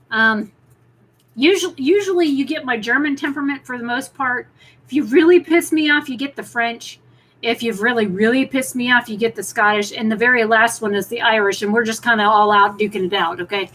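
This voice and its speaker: A woman's voice: a little high, sharp tone, low-quality recording. A woman chatting casually on a live stream from home, rambling with restarts and talking to viewers. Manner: chatty, rambling, talks to her cat in baby talk.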